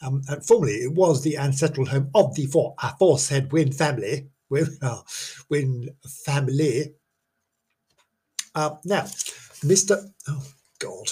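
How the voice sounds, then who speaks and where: A man's voice: mid-range voice, animated, unhurried, long pauses, warm tone, slightly rough. A man hosting a ghost-story podcast in a chatty, self-mocking way, often stumbling over and repeating his words. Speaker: podcast host.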